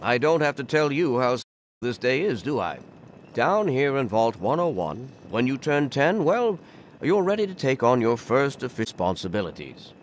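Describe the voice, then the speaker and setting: An actor playing a stern middle-aged overseer who speaks formally, as in an official ceremony, in video game dialogue. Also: male voice, medium pitch, very animated, normal speed, slight background noise, natural voice. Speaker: authority figure.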